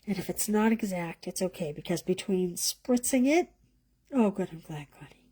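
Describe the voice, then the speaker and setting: A woman's voice: lowish voice, expressive, normal speed, mellow, husky. A woman leading a live card-making class, chatting as she demonstrates and thinking aloud, sometimes dropping to a whisper as she works.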